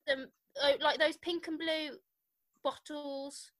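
A woman's voice: high-pitched, level tone, slow pace, a bit bright. A woman in her twenties co-hosting a casual podcast, teasing and dry, with sarcastic asides. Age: 20s. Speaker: podcast co-host. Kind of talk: casual chat.

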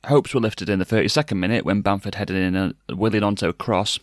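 A man's voice: fairly low pitch, fairly even intonation, fairly quick, no room sound. A man hosting a casual football podcast, talking in a dry, sardonic way. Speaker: podcast host.

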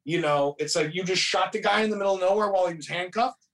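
Man with a high voice, cursing through a story. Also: fast, a bit bright, distant mic. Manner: profane, rambling storytelling with quoted voices. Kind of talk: casual movie recap chat.

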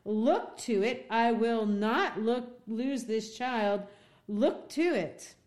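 A woman's voice: medium pitch, unhurried, a little mellow, lightly acted. A woman reading the part of a defiant young mother pleading to keep her child, in old-fashioned formal speech.

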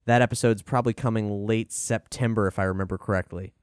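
A man's voice: fairly low pitch, fast, smooth, no echo, studio quality. A man hosting a podcast, chatting casually as he introduces a song and wraps up the episode. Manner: relaxed, chatty recommendations with fillers. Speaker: podcast host.

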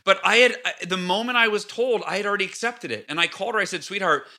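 A man with a high, very bright and forceful voice tells stories in a casual podcast chat. He acts out his own past outbursts with lively energy, then settles back into calm explanation. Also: fast. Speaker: podcast guest. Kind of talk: casual interview talk.

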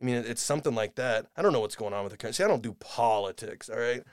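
A man hosting a podcast in a rambling, sarcastic comedic rant, dropping to mutters and rising to shouts. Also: mid-range voice, quick pace, smooth, no echo, clean studio sound. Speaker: podcast host.

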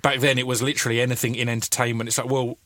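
A man hosts a podcast in a mid-pitched voice, rambling and self-deprecating as he restarts his sentences. He is recorded close and dry. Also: little pitch movement, racing, a bit bright, no room sound. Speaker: podcast host. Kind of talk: casual chat.

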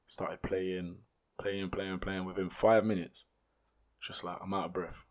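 A man, a podcast guest telling a story in casual, slangy, animated speech. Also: deep voice, unhurried.

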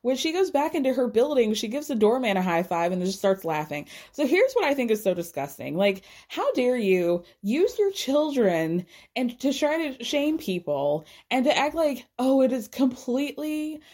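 A woman's voice: a little high, very animated, normal speed, few pauses, darkish tone. A young woman giving casual, sarcastic gossip commentary, swearing freely and laughing. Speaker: vlogger.

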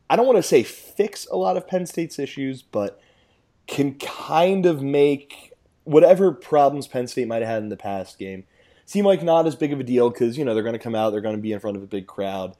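A man's voice: medium pitch, mellow. A man hosting a casual sports podcast, laughing easily and rambling with restarts. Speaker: podcast host.

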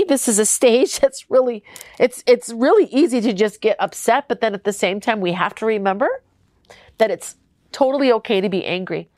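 A woman's voice: fairly high pitch, a little mellow, no room sound. Young adult woman, podcast host. Earnest and tearful at times, speaking straight to her listeners. Dry, close-miked sound. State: crying at times. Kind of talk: heartfelt faith podcast talk.

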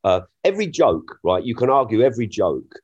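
A man who works as a stand-up comedian, chatting casually and telling jokes in a lively, storytelling way. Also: fairly quick, husky, highs cut off. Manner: animated storyteller, jumps in pitch for punchlines. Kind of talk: casual podcast conversation.

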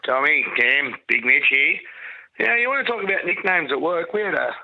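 A man's voice: a little high, very animated, normal speed, gravelly. A man leaving a voice message for a podcast, telling a story matter-of-factly. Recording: dull lo-fi phone message.

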